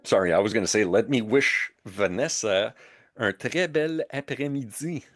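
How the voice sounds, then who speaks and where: A man's voice: medium pitch, normal speed, a bit bright, soft background music. A man from Montreal with a Quebec French accent, co-hosting a live stream in casual chat, laughing often and joking in French. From Montreal, Canada. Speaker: co-host of a live show.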